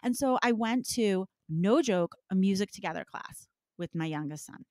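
A middle-aged woman talks candidly in a podcast interview, her voice sitting in an ordinary middle register. She tells stories with lively, animated swings between hushed asides and loud bursts. The recording is dry and close, with no room sound. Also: mid-range voice, moderate pace, no room sound. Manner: frank, animated storyteller with big swings. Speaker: guest, intimacy business owner.

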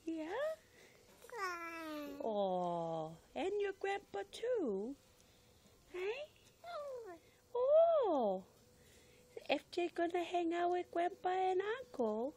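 A woman's voice: very high-pitched, big pitch swings, slow, long pauses, warm tone. An older woman, a grandmother, using coaxing sing-song baby talk and asking endless little questions in a home video.

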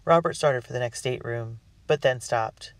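A man narrating a storybook in the first person with an earnest, expressive delivery. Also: mid-range voice, moderate pace, dry recording. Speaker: audiobook reader. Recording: dry, distant mic.

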